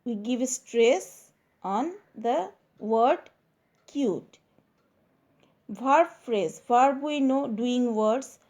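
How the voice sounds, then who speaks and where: Woman teacher, slow and deliberate, dictating grammar points to students and leaning on key words; mellow, slightly high voice.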